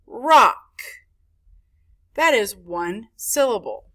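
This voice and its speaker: Woman teacher, high-ish voice, very slow and deliberate, breaking words into syllables. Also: lively intonation. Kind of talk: classroom phonics lesson.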